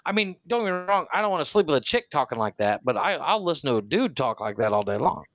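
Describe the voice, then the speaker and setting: A man co-hosting a comedy podcast, bantering crudely and laughing loudly at his own jokes. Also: fairly high pitch, sing-song, fast, no echo, lo-fi sound. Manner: loud laughing, jokey. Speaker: podcast co-host.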